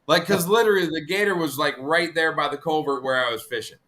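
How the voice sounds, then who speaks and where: Dude telling fishing stories all excited, bright and kinda high voice. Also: male voice, quick pace. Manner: animated, swearing anecdote teller. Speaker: fishing guide guest. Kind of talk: casual storytelling chat.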